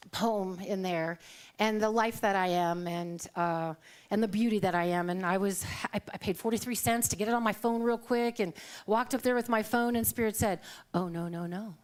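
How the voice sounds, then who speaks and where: A woman's voice: mid-range voice, steady tone, normal speed, darkish tone, smooth. A middle-aged woman giving a conversational sermon, telling personal stories, acting out quoted dialogue and laughing often. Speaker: guest speaker at a Sunday service.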